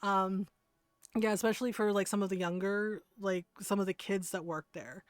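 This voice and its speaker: A woman's voice: medium pitch, steady tone, normal speed, no echo. Chatty woman streamer, dry close sound. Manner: chatty storytelling, laughs often, swears freely. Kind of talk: casual chat while gaming on stream.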